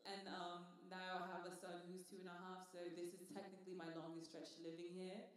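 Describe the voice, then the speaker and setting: This is a guest from England with a Manchester accent, talking freely in an interview and leaning on fillers. The voice sits at a middling pitch. It sounds distant from the mic, with long hall reverb all around. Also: monotone, brisk. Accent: Manchester English. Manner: chatty, frequent "um" and "like" fillers. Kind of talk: casual interview talk.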